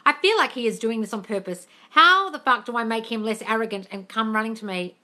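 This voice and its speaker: A woman's voice: on the high side, a little fast, sharp tone. A woman hosting a casual live-stream Q&A, reading viewer questions and answering them bluntly with plenty of swearing.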